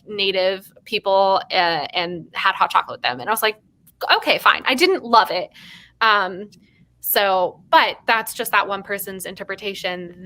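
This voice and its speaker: A woman reads her own short story aloud on a livestream and breaks into animated asides. Her voice sits in a middle register, and the recording is dry and close, with no room sound. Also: mid-range voice, no room sound. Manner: animated, laughs often between passages. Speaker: writer and stream host.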